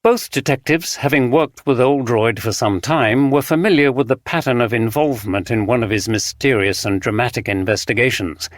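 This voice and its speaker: A man reads a mystery audiobook in a measured, even way. His voice sits at medium pitch, and the studio sound is dry and close, with no room echo. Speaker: audiobook narrator. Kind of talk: scripted narration.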